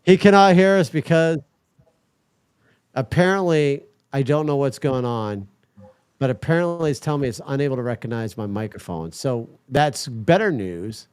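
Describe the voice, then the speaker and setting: A man hosts a casual livestream and talks his viewers through a stubborn setup problem, muttering and swearing when it fails. His voice sits at a middling pitch. The sound is dry and close, with little room around it. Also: expressive, moderate pace, darkish tone, smooth, no echo. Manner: muttering while troubleshooting, swears in frustration. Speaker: livestream host.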